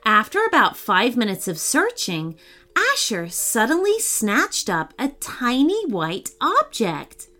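Slow, lively woman reading a story. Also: on the high side, faint music behind. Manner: warm, animated and expressive. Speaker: children's storyteller. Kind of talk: storybook read-aloud for children.

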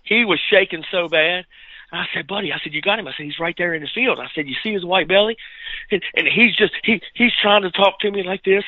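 A man co-hosting a podcast, telling a hunting story in a lively, animated way and acting out the dialogue. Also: high voice, fairly quick, dry recording, phone-quality sound. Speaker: podcast co-host. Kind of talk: casual storytelling.

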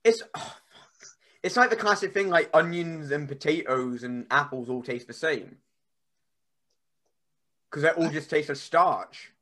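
A man's voice: a little high, a little slow, long pauses, pushed and bright. A man guesting on a podcast, chatting casually and rambling with lots of "like" and restarts. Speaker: wrestler guest.

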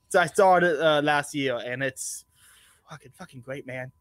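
A man's voice: fairly high pitch, moderate pace, pauses often, fairly bright tone, no room sound. A man hosting a podcast, telling stories in loose, casual chat with a lot of swearing. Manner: loose, profane storytelling. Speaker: podcast host.

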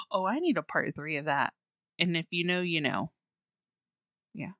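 A woman co-hosting a casual podcast, with a slightly low voice and a dry, close sound. She chats and giggles, then narrates a true-crime story with plenty of fillers and small stumbles. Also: sharp tone, dry recording. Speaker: podcast co-host.

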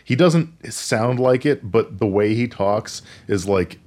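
Male podcast co-host, low voice, halting and filler-heavy in casual movie chat. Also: animated, darkish tone. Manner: hesitant, many fillers and restarts.

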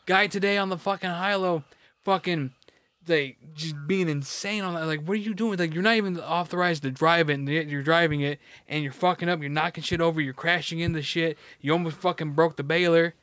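A young man co-hosting a casual podcast, ranting about work in a profane, animated way. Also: on the high side, brisk, clean tone, dry recording. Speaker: podcast co-host. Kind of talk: casual chat.

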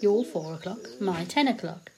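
A woman acting a blunt, teasing survivor of a zombie apocalypse in an audio drama, quick with sweary put-downs. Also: mid-range voice, animated, a little mellow, close to an everyday voice.

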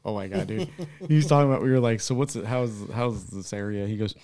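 A man co-hosting a golf podcast, telling animated stories in casual chat and laughing often. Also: lowish voice, fast. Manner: animated storyteller, laughs and swears. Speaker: podcast co-host.

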